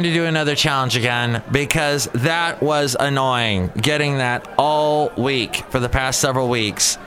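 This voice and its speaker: A man's voice: mid-range voice, measured pace, few pauses, a bit bright. Sarcastic rambling man host. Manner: rambling, sarcastic, jumps between topics. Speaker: podcast host. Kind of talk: casual solo talk.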